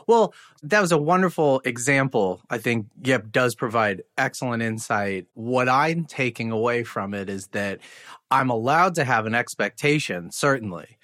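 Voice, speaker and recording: A man's voice: medium pitch, animated, normal speed, a bit bright. A man hosting an interview, listening attentively and summarizing what he heard to check his understanding. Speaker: podcast host. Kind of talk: conversational interview.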